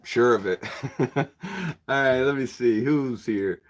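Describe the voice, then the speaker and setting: A man's voice: medium pitch, slow pace, a little hiss or hum. A man who runs a bookshop, chatting casually with viewers on a livestream in a rambling way, often repeating words and chuckling. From New York State. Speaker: bookseller and channel host. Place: his bookshop.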